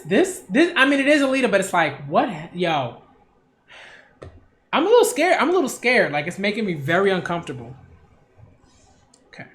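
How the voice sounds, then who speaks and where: Casting: a man doing a casual manga read-along, excitable and slangy, taking his time. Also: sits high. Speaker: manga critic reading aloud.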